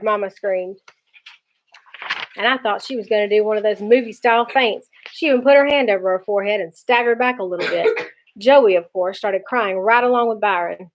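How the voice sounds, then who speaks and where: A woman teacher reading a children's chapter book aloud in a lively, expressive way. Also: mid-range voice. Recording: dull lo-fi recording.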